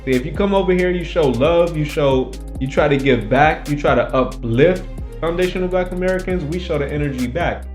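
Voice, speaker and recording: A man's voice: a little high, a little fast, darkish tone, faint music behind. A man hosting his own commentary channel, arguing his points emphatically and repeating them for stress. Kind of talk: opinionated casual commentary.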